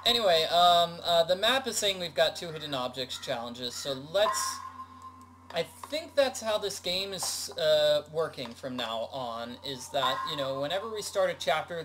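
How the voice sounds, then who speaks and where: A man's voice: a little high, a bit bright, a little hiss or hum. Joking man hosting a game walkthrough. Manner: joking, rambling banter. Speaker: video game walkthrough host. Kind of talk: casual gameplay chat. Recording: game music behind the voice.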